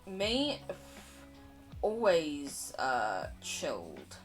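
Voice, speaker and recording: Woman game streamer, casual rambling chatter, self-deprecating and quick to laugh, very lively intonation, soft music underneath. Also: deep voice. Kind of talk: casual live-stream chatter while playing.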